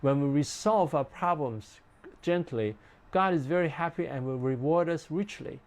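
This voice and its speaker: A man, a pastor, giving a ministry training talk in simple, repeated phrases with many "uh" fillers, sometimes acting out gentle questions a spouse might ask. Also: a little high, moderate pace.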